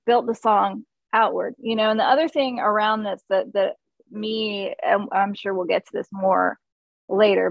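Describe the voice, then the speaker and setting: A woman's voice: mid-range voice, no echo, highs cut off. A woman who produces music, chatting in an interview and acting out studio moments as she tells them. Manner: animated storyteller, acts out studio moments. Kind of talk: casual interview chat.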